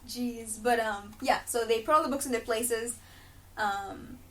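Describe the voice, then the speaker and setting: A woman's voice: fairly high pitch, a little slow, fairly bright tone, far from the mic. A woman co-hosting a podcast, recapping a cartoon episode in a chatty, laughing way. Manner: chatty, laughing, lots of fillers. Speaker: podcast co-host. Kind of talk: casual episode recap chat.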